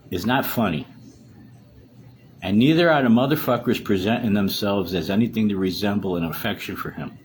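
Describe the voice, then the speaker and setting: A man's voice: lowish voice, slight background noise. A distraught man in a solo monologue, ranting in an agitated way with heavy swearing.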